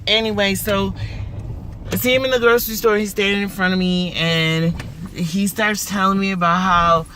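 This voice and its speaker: Bright-voiced man ranting through a story. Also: high voice, moderate pace, slight background noise. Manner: animated, profane, slangy, full of asides. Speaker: vlogger. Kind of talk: casual storytelling rant.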